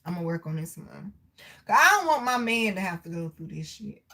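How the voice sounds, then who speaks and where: A woman hosting a casual livestream, talking straight to her viewers in a loud, profane, animated way with frequent laughter. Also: lowish voice, fairly quick, creaky. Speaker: livestream host reading chat.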